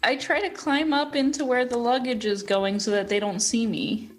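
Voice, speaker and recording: Woman player in a tabletop game, kinda high, lots of ums, polite. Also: fairly even intonation, moderate pace, faint music behind. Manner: hesitant, polite.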